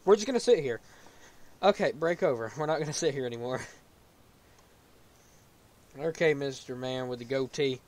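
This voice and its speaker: A man playing a game on a video, commenting as he goes and yelling in frustration when he falls. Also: mid-range voice, normal speed, long pauses. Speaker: gaming YouTuber.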